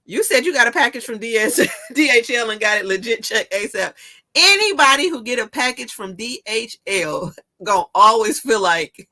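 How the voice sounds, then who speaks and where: Bright-voiced, animated woman storyteller. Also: a little high, moderate pace. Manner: animated storyteller, laughs often, swears casually. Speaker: show host. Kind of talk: casual chat.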